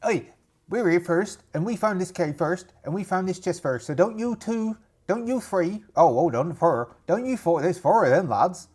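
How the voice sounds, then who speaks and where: A man's voice: high-pitched, expressive, normal speed, darkish tone, husky, pitched above the performer's own voice. A man voicing a territorial rival pirate leader who threatens. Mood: threatening. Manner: muddled pirate dialect, threatening, repetitive.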